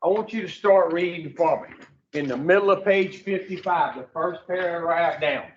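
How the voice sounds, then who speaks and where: A man's voice: a little high, normal speed, a little hiss or hum. A man leading an addiction recovery class, blunt and profane, quizzing the group in front of him. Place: room with a group. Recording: roomy, distant, dull lo-fi.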